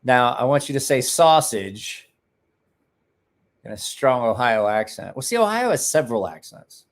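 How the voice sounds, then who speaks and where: A man's voice: medium pitch, very animated, normal speed. Man, mid-range voice, loose profane livestream host chatting with viewers. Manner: rambling, profane, joking asides to chat. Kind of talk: casual livestream chat.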